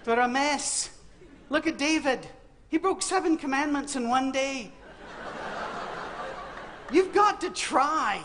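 Over a noisy background, a middle-aged man speaks slowly in a very high voice, leaving long pauses. Preaching a lighthearted sermon in a university auditorium, he tells Bible stories with comic interjections and acts out the quoted words.

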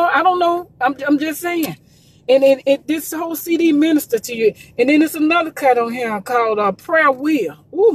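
A woman promoting gospel music in a casual livestream, urging listeners with emphatic, repetitive preachy calls. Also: high voice.

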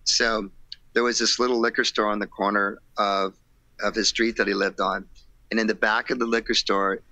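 A man with a low, gravelly voice and a bright, forceful edge tells stories from his band's early days in a loose, animated way. He slips into the voices of people he quotes and laughs often. The sound is dry and close. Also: moderate pace, no room sound. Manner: animated storyteller acting out quotes, laughing, swearing. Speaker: rock singer, guest. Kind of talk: storytelling in a casual interview.

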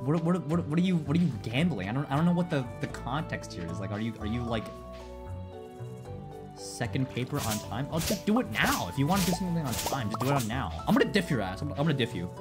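Animated and fast, a man with a mid-range voice streams a game over its music, talking casually in a meandering, stammering, profane way during his live stream.

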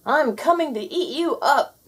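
A woman voicing a fussy, hungry male ghost in a storybook read-aloud, talking in a high shrieking wail. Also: lively intonation, normal speed, a bit bright. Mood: menacing.

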